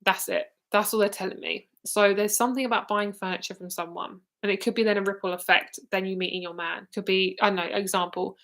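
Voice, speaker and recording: A woman's voice: mid-range voice, steady tone, fast, hardly any pauses, fairly bright tone. Woman, tarot reader, live-stream chat, tired, yawning, laughs a lot, blunt. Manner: chatty, laughing often, blunt.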